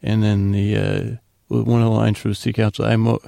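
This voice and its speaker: A man hosting a comedy podcast, casually retelling a TV episode scene by scene with quick quoted lines. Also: fairly low pitch, little pitch movement, vocal fry, dark tone, no room sound, studio quality. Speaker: podcast host recapping a TV episode.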